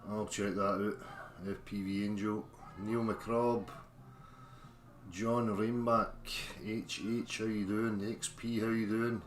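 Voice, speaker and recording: A Scottish man hosts a relaxed livestream and greets his viewers one name at a time in an easy, informal way. His voice sits on the low side. The room sounds echoey, with faint ambience in the background. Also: takes it slowly, slight background noise. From Scotland. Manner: reads out viewer names, chatty and informal. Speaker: livestream host. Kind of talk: casual livestream chat.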